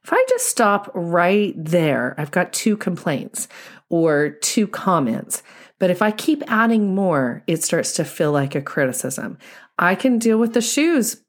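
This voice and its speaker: A woman's voice: fairly low pitch, expressive, a little slow. A woman couples therapist giving an instructional talk, explaining ideas step by step through examples.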